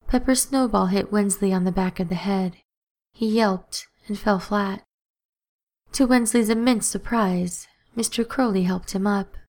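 A woman narrating an audiobook in a steady, even storytelling manner. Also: medium pitch, a little slow.

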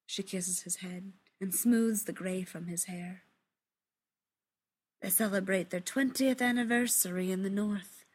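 A woman reading a literary story aloud in a hushed, measured, intimate way, often dropping into a whisper. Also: on the low side, slightly rough.

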